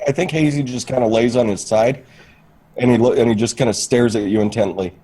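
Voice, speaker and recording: A man's voice: mid-range voice, steady tone, fairly quick, mellow, husky. A man co-hosting a casual livestream chat, joking and egging the others on over a video call. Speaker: co-host.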